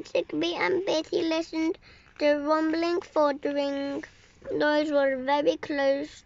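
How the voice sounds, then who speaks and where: A woman reading a picture book aloud slowly at bedtime, sometimes slipping and correcting herself. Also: high voice, little pitch movement, creaky. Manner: slow, unhurried reading with occasional slips and corrections. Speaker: storyteller. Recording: dull lo-fi home recording.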